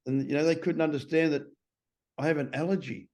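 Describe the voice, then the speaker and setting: A man's voice: a little high, fairly even intonation, fairly quick, darkish tone. An Australian man hosting a casual podcast chat, telling blunt stories with some swearing.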